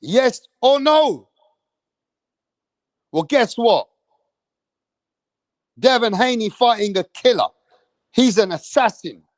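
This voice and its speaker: High-voiced, streetwise boxing stream host. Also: male voice, lively intonation, takes it slowly, long pauses, dry recording. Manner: streetwise, slang-heavy, keeps saying bro and bruv. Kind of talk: live-stream commentary. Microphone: streaming setup mic.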